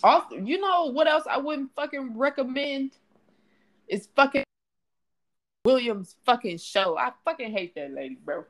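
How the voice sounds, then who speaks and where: A woman's voice: high voice, measured pace. A woman co-hosting a casual podcast chat, ranting loosely with constant swearing. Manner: profane, animated ranting. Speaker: podcast co-host.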